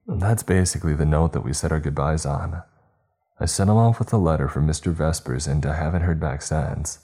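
A man with a very low, dark and mellow voice reads a first-person horror story. His tone is husky and his telling is measured and tense. Faint music plays underneath.

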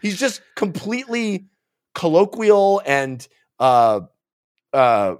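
Animated, exasperated male film critic. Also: high-pitched, takes it slowly, clear, resonant tone. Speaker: film podcast co-host. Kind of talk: casual film review chat.

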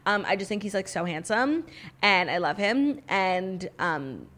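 A woman's voice: mid-range voice, lively intonation, unhurried, fairly bright tone. A young woman co-hosting a podcast in loose, playful chat. She leans on filler words and keeps an easy, joking tone. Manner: chatty, filler-heavy, playful. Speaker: podcast co-host. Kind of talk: casual chat.

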